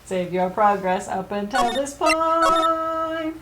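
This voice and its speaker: A woman co-hosting a casual gaming chat, playful and chatty, with loud music behind. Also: sits high, animated, slow. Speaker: co-host. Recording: echoey room with loud music.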